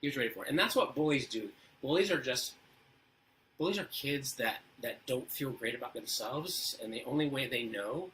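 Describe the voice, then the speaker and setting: An animated man with a mid-range, slightly bright voice talks at normal speed over poor audio with a little hiss or hum. As a parenting guest in a casual storytelling interview, he earnestly recounts personal stories and likes rhetorical questions.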